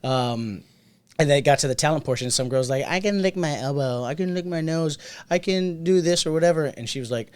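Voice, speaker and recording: Animated man telling a story. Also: fairly high pitch, fairly quick, clear, resonant tone. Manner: animated, acts out quotes in other voices. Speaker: podcast co-host. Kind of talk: casual storytelling chat.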